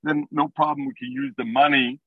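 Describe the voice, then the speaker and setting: Over a tinny phone line, a man drives while teaching a Talmud class, explaining the text in English sprinkled with Hebrew and Aramaic terms. His medium-pitched voice stays level and brisk, with a breathy edge and no echo.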